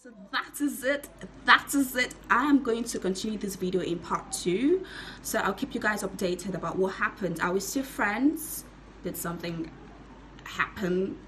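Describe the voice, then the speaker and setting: A young woman telling a story to her viewers in a casual vlog, giggling and animated as she talks. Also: medium pitch, a little hiss or hum. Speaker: vlogger.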